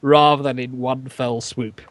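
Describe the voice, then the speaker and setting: A man's voice: medium pitch, measured pace, no echo. A man casting a game, rambling and laughing often between his play-by-play. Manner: giggly, rambling, animated. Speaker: esports caster. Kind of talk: live game commentary.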